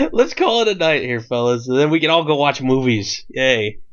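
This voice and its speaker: A man hosting a casual podcast chat, loose and easygoing and quick to laugh. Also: medium pitch, sing-song. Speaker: podcast host. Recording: dull lo-fi mic.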